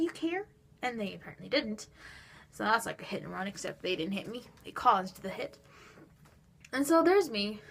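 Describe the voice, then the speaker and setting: Chatty teenage girl vlogging, animated. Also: mid-range voice. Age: teens. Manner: animated storytelling, lots of "like" and "just like". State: stiff sore neck from whiplash. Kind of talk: casual chat to camera.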